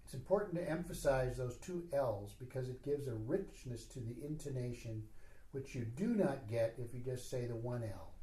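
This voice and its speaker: A man giving a slow, measured teaching talk at a retreat, with soft asides to his listeners. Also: medium pitch, roomy sound. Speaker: spiritual teacher. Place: retreat hall.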